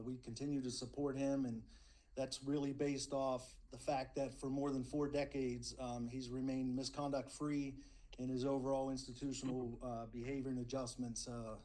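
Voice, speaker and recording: A man's voice: mid-range voice, level tone, moderate pace, warm tone, rough recording. A man, a prison superintendent, giving a short formal statement over a video call.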